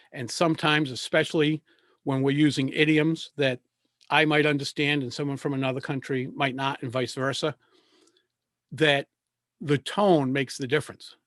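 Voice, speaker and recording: Man, speaking coach, measured delivery with pauses, slightly high voice, dry video-call sound. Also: a bit bright, no echo. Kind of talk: presentation coaching talk.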